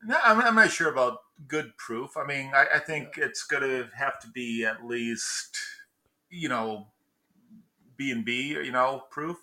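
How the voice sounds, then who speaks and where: A man's voice: mid-range voice, expressive, measured pace, pushed and bright. A man co-hosting a podcast in casual chat, chatty, often stumbling and correcting himself. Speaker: podcast co-host.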